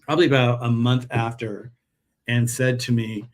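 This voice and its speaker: A chatty man speaking on a live stream as he packs orders, with an average pitch. He wanders from story to story in a loose, friendly way and pitches his herbal products as he goes. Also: fairly even intonation, normal speed. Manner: friendly sales talk. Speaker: herbal pet supplement seller. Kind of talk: casual live-stream chat while packing orders.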